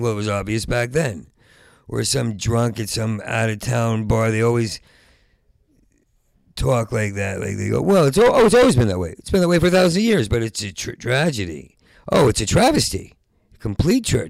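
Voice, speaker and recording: An older man with a deeply gravelly voice rambles through a comic monologue, stammering over word starts and slipping into low mutters. The sound is dry and close, with no room around it. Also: no echo. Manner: profane rants, trails off into mutters. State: Parkinson's. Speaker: stand-up comedian.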